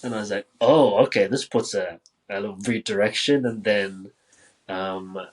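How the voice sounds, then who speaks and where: A man from New Zealand, a podcast guest telling a story casually, with many filler words and lively quoted dialogue. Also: fairly low pitch, normal speed, low-quality recording.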